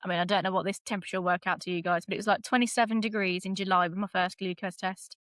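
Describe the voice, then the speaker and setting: A young British woman guest on a podcast, telling her story in a lively, dramatic way and laughing often. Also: mid-range voice, very fast, dry recording. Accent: British English. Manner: animated, self-described dramatic, laughs often. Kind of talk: casual storytelling interview.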